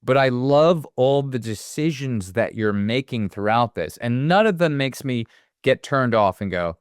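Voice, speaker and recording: Male podcast co-host, smooth resonant voice, loose and profane, dry close-miked sound. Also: medium pitch, normal speed, no room sound. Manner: rambling, profane, animated asides. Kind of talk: casual movie podcast chat.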